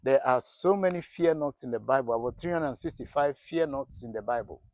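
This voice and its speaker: Preaching at a fairly quick clip, this middle-aged pastor throws rhetorical questions at the congregation and often begins his phrases again. His voice is mid-range and a little mellow.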